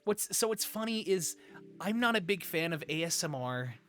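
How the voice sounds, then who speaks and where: A man streaming live, chatting in a soft, breathy, put-on high "femboy" voice close to the mic, giggling and reading chat aloud. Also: animated, moderate pace, faint music behind.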